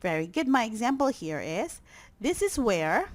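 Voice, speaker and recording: A woman's voice: fairly high pitch, big pitch swings, normal speed. A woman with a Korean accent teaching English vocabulary, drilling words and quizzing her students with short questions. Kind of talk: recorded vocabulary lesson.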